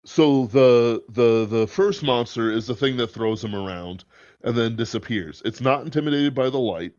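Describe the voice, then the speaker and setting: The man hosting this podcast speaks at medium pitch and normal speed, his voice a little mellow as he muses aloud and swears once in a while. Sound quality is dull and lo-fi, dry with no echo.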